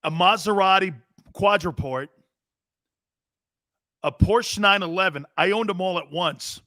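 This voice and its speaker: A man in his fifties hosting a sports talk show, telling a story in a brash, animated, profane way. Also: high-pitched, unhurried, no echo, studio quality. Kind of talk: casual storytelling.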